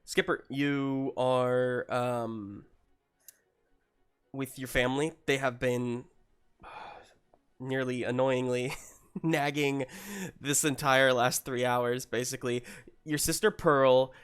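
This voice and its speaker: A man's voice: mid-range voice, fairly even intonation, slow, long pauses, a bit bright, clear, resonant tone. Hesitant male game master. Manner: hesitant, filler-heavy, chuckling. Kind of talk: narrating a tabletop game.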